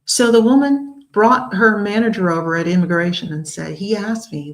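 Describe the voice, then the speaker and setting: A woman in her sixties, hosting a talk show and telling personal stories in an earnest, expressive way. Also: mid-range voice, normal speed, rough recording. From United States. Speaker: host.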